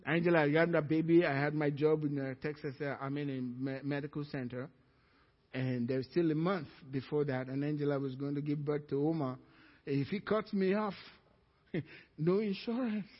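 A middle-aged man from Africa preaches a sermon in a high, husky voice. He tells a story and acts out others' lines as he goes. The sound is dull and rings with a long church-hall reverb. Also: fairly even intonation, normal speed. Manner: storytelling, acting out quoted voices with rising pitch. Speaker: pastor.

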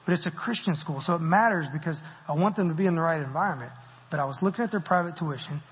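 A man's voice: fairly high pitch, fast, slight background noise. A man giving a conversational, self-deprecating sermon in a church, laughing often as he talks. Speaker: preacher. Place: church sanctuary. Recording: muffled audio with long hall reverb.

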